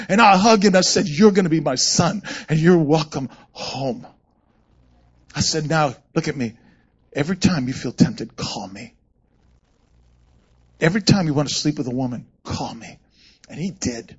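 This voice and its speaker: A man's voice: fairly high pitch, animated, normal speed, husky. A man preaching a sermon as a pastor, telling stories and acting out quoted voices with animation. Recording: muffled lo-fi sound.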